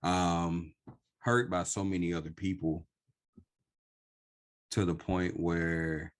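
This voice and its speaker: A man hosting a podcast, telling his own story slowly and earnestly in a reflective conversation. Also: sits low, fairly even intonation. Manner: slow, earnest, personal storytelling. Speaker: podcast host.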